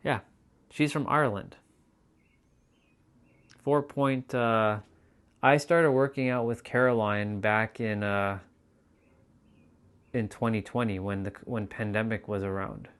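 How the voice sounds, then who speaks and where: A man's voice: on the low side, fairly even intonation, takes it slowly, long pauses, a bit bright, clean tone. Rambling man chatting on a live stream. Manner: rambling, repeats phrases and restarts. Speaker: livestreamer. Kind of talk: casual live-stream chat.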